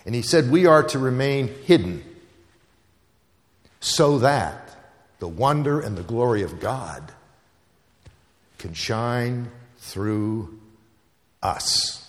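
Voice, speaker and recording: A man's voice: mid-range voice, lively intonation, slow pace, long pauses, in a large hall. A man preaching a sermon, telling stories and hammering home repeated phrases. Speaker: pastor.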